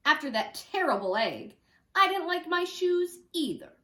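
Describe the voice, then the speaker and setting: Lively woman teacher reading aloud. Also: very high voice, measured pace, roomy sound. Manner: lively, animated, chatty asides to children. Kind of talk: reading a picture book aloud. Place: home room.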